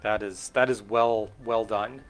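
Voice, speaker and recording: Mixing drinks on his casual live stream, this middle-aged Central Valley, California man speaks a little slowly in a low-leaning voice with fairly even intonation. He rambles as he thinks out loud, dropping fillers and correcting himself.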